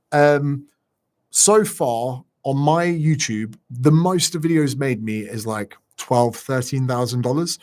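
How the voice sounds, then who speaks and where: Guy coaching business on a live q&a, swears a lot, punchy and blunt. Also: mid-range voice. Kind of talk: casual live-stream Q&A.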